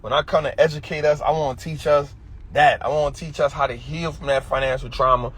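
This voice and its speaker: A man's voice: on the high side, steady tone, a little fast, breathy edge. A man with an Atlanta Black American English accent, giving a preachy finance talk on a livestream in street slang, repeating his points. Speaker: finance educator.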